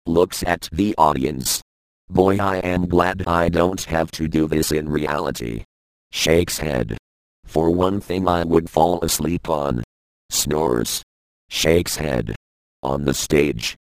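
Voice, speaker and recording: A man reading out a stand-up comedy script, stage directions and all, in a deadpan, dull delivery. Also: a bass voice, slow, clean tone, dry recording.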